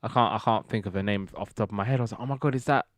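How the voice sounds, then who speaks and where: A man's voice: fairly low pitch, racing, no echo, studio quality. A man hosting a podcast, retelling TV episodes in a rambling casual way and acting out the characters' lines. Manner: rambling retelling, acts out quotes. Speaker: podcast host reviewing TV shows. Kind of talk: casual recap chat.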